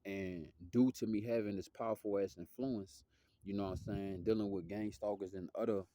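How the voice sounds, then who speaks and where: A young man speaks, his voice low and deep. He rambles in loose, slangy street talk that keeps drifting off topic, recorded close and dry with no room sound. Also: fairly even intonation, normal speed, warm tone, dry recording. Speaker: musician vlogger. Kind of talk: casual rambling monologue.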